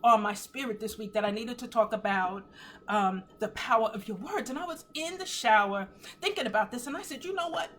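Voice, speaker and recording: A woman's voice: fairly quick, a little hiss or hum. Earnest woman in her fifties, tearful. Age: 50s. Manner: earnest and emotional, tearful at times, animated swings in pitch. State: teary. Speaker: host of a faith livestream. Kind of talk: casual live talk, testimony.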